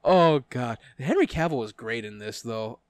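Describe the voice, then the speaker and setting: A man's voice: mid-range voice, lively intonation, moderate pace, clear, resonant tone, no echo, clean studio sound. A man co-hosting a live podcast, chatting loosely and laughing often. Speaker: podcast co-host. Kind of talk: casual live-stream chat.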